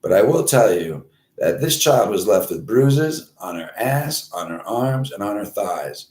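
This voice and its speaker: A man in his forties who hosts his own show and tells a rambling, profane story, swearing constantly and getting animated when he acts out scenes. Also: fairly low pitch, measured pace, reverberant. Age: 40s. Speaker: host. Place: Florida, United States.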